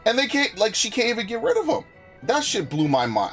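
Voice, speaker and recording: A man's voice: high voice, a little fast, soft background music. A young man streaming a game, telling stories in casual, profane chat with a friend. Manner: animated, profane storytelling.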